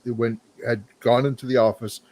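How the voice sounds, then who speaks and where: A man in casual chat, speaking in a laid-back, halting way, with frequent restarts. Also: mid-range voice, little pitch movement, darkish tone, dry recording. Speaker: podcast co-host.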